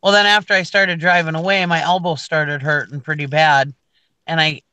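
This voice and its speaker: A woman's voice: low voice, fairly even intonation, moderate pace, sharp tone, clear, resonant tone, dry recording. A middle-aged woman co-hosting a casual morning show, telling a long story with lots of restarts. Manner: rambling storyteller, frequent restarts. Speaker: co-host. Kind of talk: casual chat.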